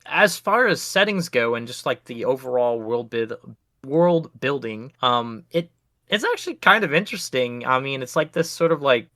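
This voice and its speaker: A man rambles easygoingly through a game review on a podcast, full of fillers and restarts. His voice is bright and forward, recorded dry and close. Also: mid-range voice, dry recording. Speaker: podcast co-host. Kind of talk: casual game review chat.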